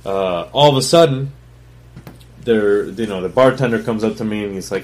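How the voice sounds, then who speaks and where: A chef and podcast host with a lowish voice tells a story solo and casually at a moderate pace. He's blunt, profane and boastful, rambling with fillers and restarts.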